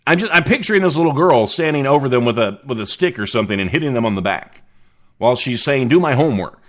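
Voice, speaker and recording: A man's voice: medium pitch, animated, fast talker, a bit bright. Sarcastic rambling male podcast host. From United States. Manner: sarcastic, rambling asides with restarts. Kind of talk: casual comedic news commentary.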